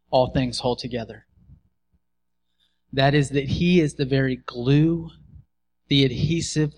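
A man preaching a sermon in a measured, emphatic way. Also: medium pitch, a little mellow.

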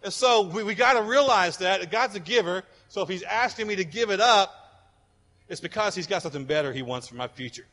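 A man preaching a fervent sermon as pastor, building to loud declarations, recorded in a church with long reverb. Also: high-pitched, animated, a little fast. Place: church sanctuary. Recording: long reverb of a large hall.

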